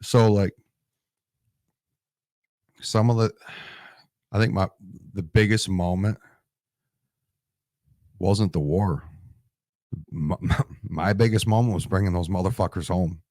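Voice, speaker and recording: A man's voice: deep voice, slow pace, pauses often, darkish tone, dry recording, studio quality. A veteran man in his forties, telling war stories in a casual interview, emotional and tearing up, swearing and restarting his sentences. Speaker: Marine veteran guest.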